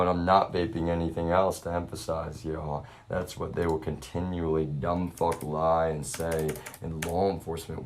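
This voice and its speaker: Deep-voiced man on a profane ranting stream. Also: darkish tone, a little hiss or hum. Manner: swears heavily and keeps addressing the audience as y'all. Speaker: livestreamer. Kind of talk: profane rambling rant to a live audience. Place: at his grandmother's residence. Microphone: self-filmed camera.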